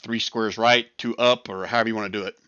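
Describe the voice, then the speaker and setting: A man's voice: lowish voice, steady tone, fast talker, pushed and bright, clean tone, no echo. A man acting as dungeon master in an online tabletop game, explaining rules in a laid-back way. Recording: dull, lo-fi voice chat.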